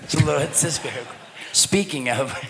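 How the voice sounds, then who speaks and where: A man's voice: on the high side, normal speed, vocal fry, a bit bright, in a large hall. A man co-hosting a casual podcast chat, rambling and laughing often. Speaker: podcast co-host.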